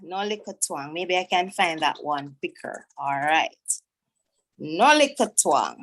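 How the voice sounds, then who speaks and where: A woman's voice: sits low, expressive, measured pace, a bit bright. A woman, a teacher chatting to pupils in a self-deprecating way while she searches for a poem. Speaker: teacher hosting a school event. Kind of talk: casual talk to pupils online.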